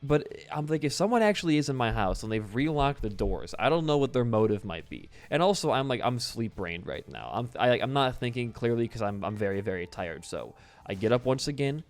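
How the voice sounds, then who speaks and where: A man's voice: medium pitch, sing-song, a little fast. A young adult man talking through a video game while telling a story, in a chatty, rambling way with casual swearing. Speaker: gaming video host. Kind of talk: casual let's-play commentary mixed with storytelling.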